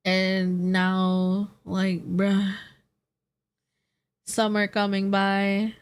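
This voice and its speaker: A woman's voice: mid-range voice, completely flat delivery, extremely slow, clean tone. A sleepy young woman from the Philippines, streaming and chatting casually, rambling, yawning, laughing often and swearing. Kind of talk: casual chat.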